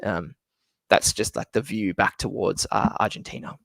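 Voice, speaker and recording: A man's voice: on the low side, fairly even intonation, moderate pace, fairly bright tone, no echo. A man giving a casual, chatty travel talk over slides in an online session, often laughing as he speaks. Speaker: travel presenter. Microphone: computer mic for an online session.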